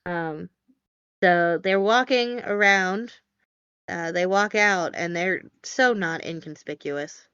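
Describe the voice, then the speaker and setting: A woman's voice: lowish voice, slow, a bit bright, smooth, dry recording, lo-fi sound. A woman co-hosting a podcast, recapping a film in a casual, rambling way full of fillers and dry asides. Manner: rambling, filler-heavy, wry. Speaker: podcast co-host.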